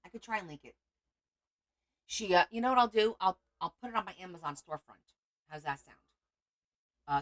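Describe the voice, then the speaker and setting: A middle-aged woman chats casually on a livestream, rambling from one story to the next and greeting viewers by name as they arrive. Her voice sits a little low for a woman. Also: a bit bright. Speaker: livestream host.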